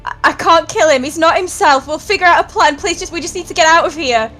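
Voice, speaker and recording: Heroine role: woman doing a soft, pleading young mother-to-be, emotional. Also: mid-range voice, level tone, a little fast, close to an everyday voice. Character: tender, anxious young woman, newly pregnant.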